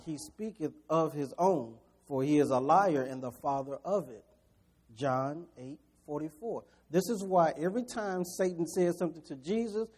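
A male preacher with a high, mellow voice delivers a sermon. He is animated, swinging from hushed scripture reading to loud, quick-fire preaching. He chuckles as he talks straight to the congregation.

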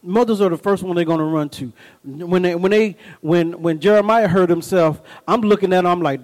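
High-voiced preacher man, animated and emphatic. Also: fairly quick, poor audio. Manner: folksy storytelling with call-and-response asides. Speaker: pastor. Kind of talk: sermon.

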